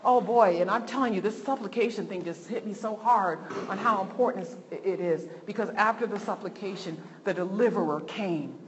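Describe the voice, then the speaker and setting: A woman preaches with fervent, repetitive emphasis, her voice sitting at an ordinary middle pitch. The sermon rings with a long hall reverb, and a faint noise sits underneath it. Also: moderate pace, hardly any pauses.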